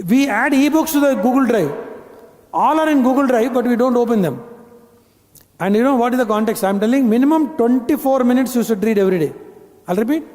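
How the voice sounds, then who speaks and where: A man's voice: extremely high pitch, warm tone. A man with an Indian English accent leading a live communication-skills training and quizzing his audience. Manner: instructive, addresses the audience with questions. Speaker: corporate trainer. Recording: long hall reverb.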